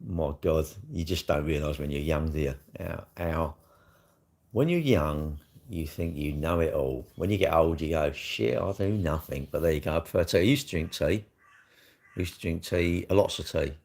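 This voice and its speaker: On a live stream, a middle-aged South East Londoner talks casually and off the cuff, blunt and rambling, with plenty of swearing. His voice is very deep, gravelly, and a little mellow, moving at a moderate pace.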